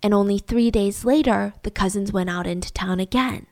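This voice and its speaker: A woman's voice: medium pitch, moderate pace, darkish tone. A young woman hosting a podcast, telling a crime story in a chatty, conversational way. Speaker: podcast host. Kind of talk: casual true-crime storytelling.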